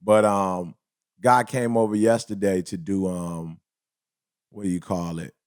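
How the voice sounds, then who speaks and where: A man co-hosting a casual podcast chat, telling stories in a lively, slangy way and acting out other people's lines. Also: sits low, a little slow, smooth, no room sound, clean studio sound. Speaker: podcast co-host.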